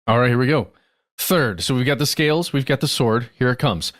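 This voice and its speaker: A man co-hosting a podcast, in jokey, animated banter on a studio mic. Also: mid-range voice, fairly quick. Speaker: podcast co-host. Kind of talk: casual podcast chat.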